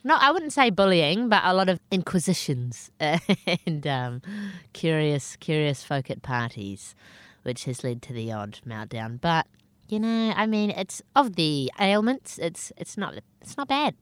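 A young woman comedian with a squeaky, nasal voice, chatting casually and self-deprecatingly in an interview, laughing often. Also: animated, measured pace, smooth, dry recording. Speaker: comedian guest.

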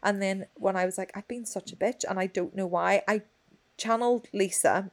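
A woman, telling a story in casual chat, expressive and swearing freely. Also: mid-range voice, normal speed. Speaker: podcast co-host.

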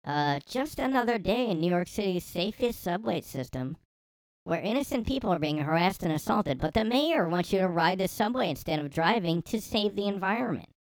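A whiny, gravelly mock voice, put on by a man to sneer at people. It jumps around in pitch with a sarcastic bite, and sounds close and dry. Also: animated, normal speed, no room sound. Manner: sarcastic, mocking.

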